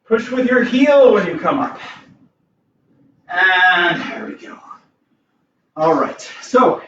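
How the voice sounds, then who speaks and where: An American man with a high voice talks slowly and upbeat as he leads a karate warm-up. He is recorded from across an echoey garage, so the sound is dull and a bit distant. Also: lively intonation, a little hiss or hum. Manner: counts reps in Japanese, upbeat. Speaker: karate instructor. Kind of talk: warm-up exercise instruction. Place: home garage.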